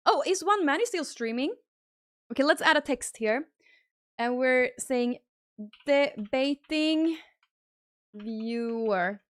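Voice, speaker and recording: High-voiced woman streamer chatting casually. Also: slow pace, long pauses, no echo, studio quality. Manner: chatty, thinks aloud while fiddling with stream settings; bursts into high excited thanks for gifted subs. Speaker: livestream host. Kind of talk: casual live-stream chat.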